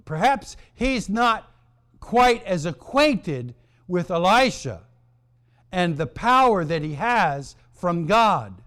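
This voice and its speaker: A man preaching a sermon, telling a story in a deliberate, emphatic and dramatic way. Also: high voice, very animated, fairly bright tone. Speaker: pastor.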